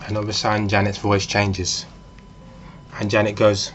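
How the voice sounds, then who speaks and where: A man's voice: on the low side, monotone, moderate pace, pauses often, a bit bright, a little hiss or hum. A man vlogging in a casual monologue, walking through hypothetical scenarios in a conversational way. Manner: conversational, with frequent fillers and restarts.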